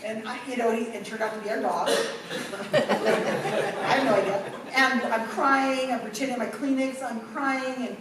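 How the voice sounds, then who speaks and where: Middle-aged woman presenter, fairly high voice, animated storyteller; recorded from afar in a very echoey room. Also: a little slow, far from the mic, a loud crowd. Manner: animated storytelling with acted-out quotes. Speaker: workshop presenter. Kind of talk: conference workshop talk. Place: conference room.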